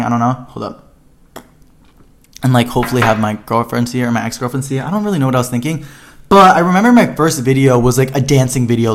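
Chatty young man telling a story. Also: medium pitch. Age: young adult. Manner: chatty, filler-heavy, dramatic retelling. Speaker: podcast host. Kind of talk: casual storytelling monologue.

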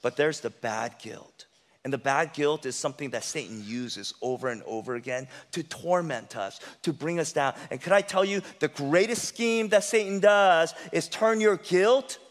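A male pastor preaching a sermon with passion, swinging from loud emphasis to hushed intensity. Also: fairly high pitch, long reverb tail.

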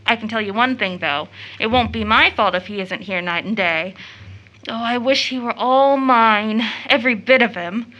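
A playful, impulsive young woman, as an actress reads her part speaks in a bright, forceful voice that sits a little high. She gushes and teases with easy affection in this stage play reading. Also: normal speed, rough recording. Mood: eager. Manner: effusive, gushing, teasing.

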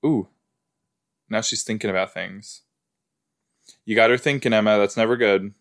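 A man's voice: lowish voice, fairly even intonation, normal speed. A man hosting a podcast, chatting casually and reacting aloud to a show as he watches it, with rambling asides. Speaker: podcast host.

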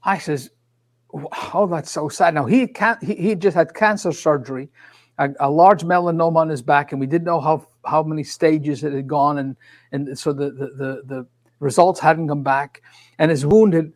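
Animated man, high voice. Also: normal speed. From Scotland. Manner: animated storyteller, acts out dialogue. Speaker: minister and author. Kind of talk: storytelling testimony. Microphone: studio microphone.

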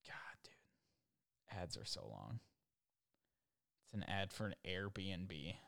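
A man's voice: low-pitched, sing-song, takes it slowly, vocal fry, fairly bright tone, no echo, clean studio sound. A man telling a funny story in a casual, rambling way, full of fillers and restarts.

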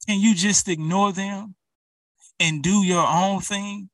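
A man's voice: sits high, fairly even intonation, slow, a bit bright, no room sound, recorded from a distance. Man, preacher, emphatic sermon, direct address, dry sound.

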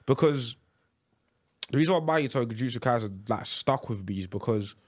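Rambling podcast host, plenty of fillers. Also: male voice, mid-range voice, a little fast. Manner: animated, many restarts and "like" fillers. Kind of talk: casual chat.

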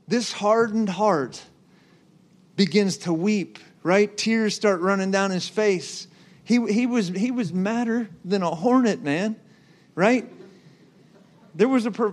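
High-voiced man preaching emphatically. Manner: emphatic preaching with repeated rhetorical questions. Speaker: pastor. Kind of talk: sermon.

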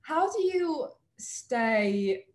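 A woman podcast host asking questions quickly, with an easy laugh. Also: high-pitched, expressive, darkish tone. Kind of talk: casual interview. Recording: roomy echo.

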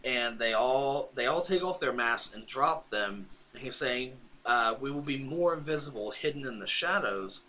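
A man's voice: mid-range voice, expressive, normal speed, few pauses, pushed and bright, rough recording. A man co-hosting a podcast, casually retelling a comic book's story and quoting its characters with laughs along the way. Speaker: podcast co-host. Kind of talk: casual comic recap chat.

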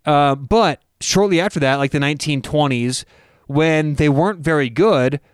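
A man co-hosting a sports betting show, breaking down college football picks in an energetic, excitable way. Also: a little high, moderate pace, clear, resonant tone, no echo, studio quality. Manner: energetic, excitable, with sudden loud cheers. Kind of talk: casual sports betting chat.

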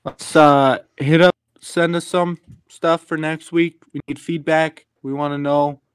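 A man co-hosting a casual podcast over a remote call, making crude, halting remarks. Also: fairly high pitch, flat delivery, smooth, no room sound. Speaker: podcast co-host. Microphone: remote call with a dropping connection.

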